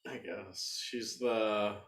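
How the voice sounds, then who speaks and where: A man co-hosting a podcast chats casually about a movie, laid-back and quick to laugh along. His voice sits on the low side. The room adds a noticeable echo. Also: steady tone, a bit bright, far from the mic. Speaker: podcast co-host. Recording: roomy echo.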